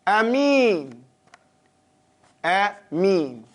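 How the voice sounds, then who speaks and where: A man's voice: high-pitched, very animated, drawn-out words. A man teaching Quran recitation to a class, drilling pronunciation and checking in often. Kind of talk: classroom lesson.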